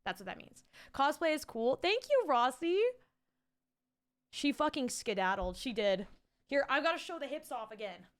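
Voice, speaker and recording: Female streamer, casual and profane, smooth clear voice, talking to chat from home. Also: sits high, very animated, normal speed. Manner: chatty, rambling and casually profane. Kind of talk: casual live-stream chat reading out viewer messages.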